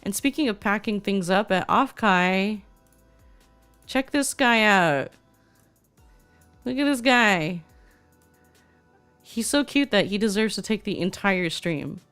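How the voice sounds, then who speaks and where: A woman's voice: medium pitch, lively intonation, slow pace, pauses often, a bit bright, clean tone. Young woman, VTuber, casual stream chat, bubbly, gushing, faint background music.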